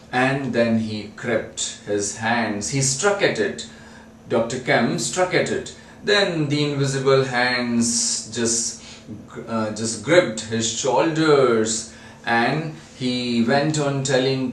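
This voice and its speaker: A man retells a novel chapter for a class, halting and restarting often. He talks slowly. The mic is some way off in an echoey room with a faint background hum. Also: medium pitch, fairly bright tone. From India. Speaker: literature lecturer. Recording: roomy, distant mic, faint ambience.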